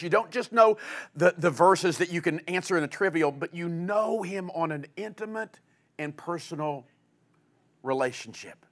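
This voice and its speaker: A male pastor preaching a sermon to his congregation, with a dynamic delivery that swings from loud emphasis to quiet, low asides.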